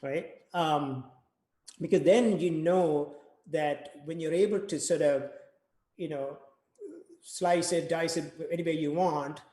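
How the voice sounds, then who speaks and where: Guy teaching rhythm online, chanting takadimi patterns, kinda higher voice, echoey room. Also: steady tone, slow, warm tone. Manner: chants rhythm syllables to demonstrate. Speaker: percussion teacher.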